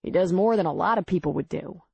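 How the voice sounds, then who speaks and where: A woman voicing a steady, plainspoken small-town bar owner in an audiobook. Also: fairly low pitch, fast, creaky, slightly rough, no echo. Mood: reassuring. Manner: calm, matter-of-fact.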